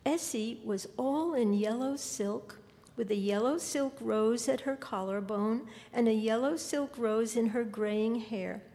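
A woman reading her literary fiction aloud in a measured, deliberate way. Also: on the high side, dark tone. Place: lecture hall. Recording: long hall reverb.

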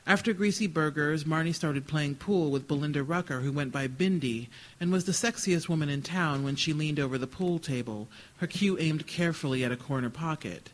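A man reading literary fiction aloud at a live event. His voice sits somewhat high for a man. He tells the story in a dry, wry way. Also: a little fast, hardly any pauses, rough recording. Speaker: author reading.

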